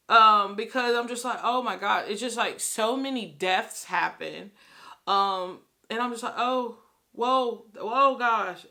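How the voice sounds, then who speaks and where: A woman's voice: fairly high pitch, pushed and bright. A woman vlogging casually about a book she is reading, chatty and gushing, rambling and laughing often. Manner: rambling with fillers and restarts. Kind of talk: casual reading vlog chat.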